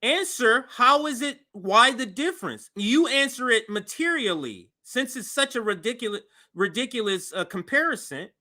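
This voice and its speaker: A man hosting a commentary show, reacting to a press briefing clip in an animated, incredulous, mocking way. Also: very high-pitched, moderate pace, few pauses. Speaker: commentary host.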